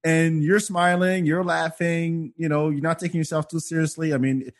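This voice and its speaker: A man's voice: on the high side, level tone, normal speed. A man hosting a podcast in casual chat, joking, swearing and laughing often. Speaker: podcast host.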